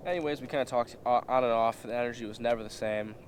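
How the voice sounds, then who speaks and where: Speaking fast in a mid-range voice, a young man from the United States narrates a story for his vlog in a loose, profane way, with many fillers and quotes he acts out. A little hiss or hum can be heard.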